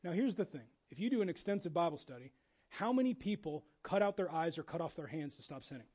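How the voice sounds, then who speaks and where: A man preaching a sermon in a conversational way, swinging from hushed to loud and urgent, and acting out the quoted voices. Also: a little high, animated, fast talker, slightly rough, dull audio. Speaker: pastor.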